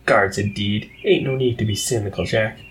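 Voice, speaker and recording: A man's voice: lowish voice, moderate pace, a little hiss or hum, close to an everyday voice. A man voicing a friendly, polite female farm pony who talks in a country drawl.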